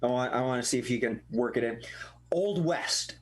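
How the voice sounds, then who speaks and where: A man's voice: medium pitch, normal speed. A man hosting a live improv comedy show, explaining the games with playful laughs.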